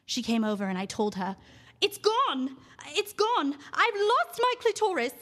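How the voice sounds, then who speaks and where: A woman's voice: a little high, normal speed, in a large hall, lightly acted. A woman performing a neurotic young woman in a theatre monologue, with a British accent and a breathless, confessional manner. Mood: rising panic. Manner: breathless, confessional, spiralling panic.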